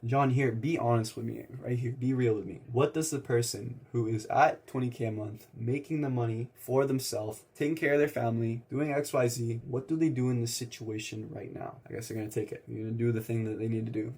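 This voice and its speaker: A man in a sales coaching talk runs through a sales call at a rapid clip, voicing both himself and the client. His voice is husky and a little rough, and he talks casually and swears freely. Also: mid-range voice, a little mellow. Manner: acts out both sides of sales calls, casual and profane. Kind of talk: energetic sales training talk.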